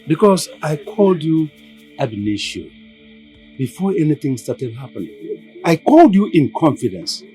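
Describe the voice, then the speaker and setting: A middle-aged chief speaks in slow, formal phrases, his voice rising and falling widely as he calms someone. A man plays him in a film drama, with faint music beneath. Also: on the high side, rough recording. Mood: calming. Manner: soothing, measured, formal phrasing. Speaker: palace chief. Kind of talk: Nollywood film acting.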